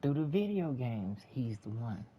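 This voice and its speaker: A man's voice: medium pitch, big pitch swings, measured pace. A man giving a profane, repetitive, exasperated casual movie review rant in a lo-fi home recording. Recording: dull lo-fi with faint hiss.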